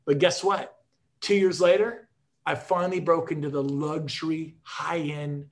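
On a video call, a man gives a motivational talk to agents, telling his sales stories with punchy, emphatic energy and jokes. His voice sits on the high side, and he speaks a little slowly.

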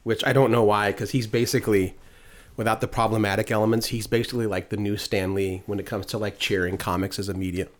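A man co-hosting a podcast in casual chat, joking and quick to laugh. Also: fairly low pitch, fairly even intonation. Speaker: podcast co-host.

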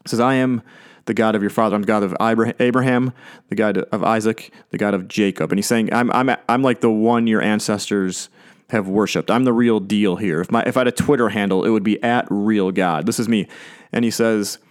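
A man's voice: lowish voice, fairly even intonation, a little fast. A man preaching a casual sermon, conversational and jokey, paraphrasing scripture in everyday speech.

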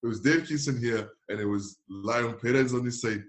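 A lively man with as his spins football stories in a casual interview. He laughs often, slips into voices for the people he quotes, and his pitch sits in an ordinary middle range. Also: a little fast. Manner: animated, laughing often, acting out others' voices. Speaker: former footballer guest.

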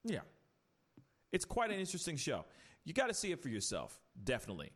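A man's voice: a little high, fast. A man hosting a podcast, chatting casually and ranting animatedly about TV shows. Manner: animated, ranting with mocking quoted voices. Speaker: podcast host. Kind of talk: casual chat.

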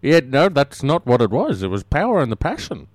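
A man's voice: mid-range voice, huge pitch swings, fairly quick, no echo. A man co-hosting a comedy podcast in a teasing, mock-formal way. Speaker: podcast co-host.

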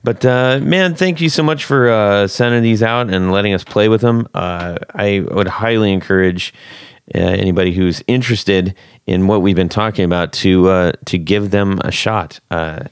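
A man's voice: fairly low pitch, moderate pace, clean tone, no echo, studio quality. A man hosting a casual podcast interview, talking hesitantly with many fillers and restarts. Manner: hesitant, filler-heavy, chuckling. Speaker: podcast host.

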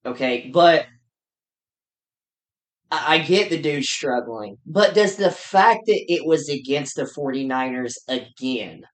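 A man's voice: a little high, lively intonation, slow pace. A man co-hosting a casual sports podcast, asking questions in an easygoing way. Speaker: podcast co-host.

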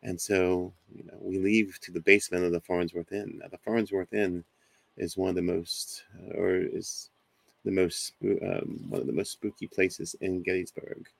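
Low gravelly man telling a ghost story. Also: moderate pace, no echo. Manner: animated storyteller, acts out voices of others. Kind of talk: casual storytelling on a talk show.

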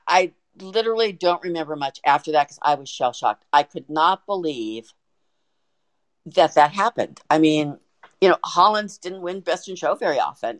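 Low-pitched woman guest chatting on a podcast, excited, keeps restarting, dry sound. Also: no echo. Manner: excited, animated retelling with frequent restarts. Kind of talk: casual storytelling.

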